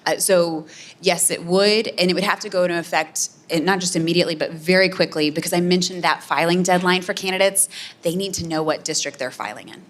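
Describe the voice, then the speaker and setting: A woman's voice: on the low side, a little fast. A woman political scientist answering audience questions at a community meeting, explaining earnestly with frequent "um" and "right?". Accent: American Midwestern. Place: community center meeting room.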